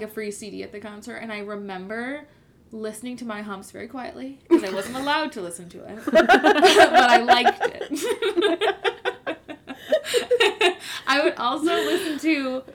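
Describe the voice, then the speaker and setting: Brief: young female co-host, a bit high, laughs through her stories, swears casually. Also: moderate pace, fairly bright tone. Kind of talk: casual chat.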